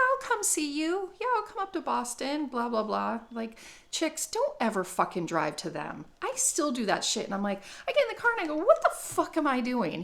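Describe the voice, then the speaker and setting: A woman's voice: medium pitch, gravelly. A middle-aged woman vlogging, talking bluntly and profanely in a rambling, comedic monologue.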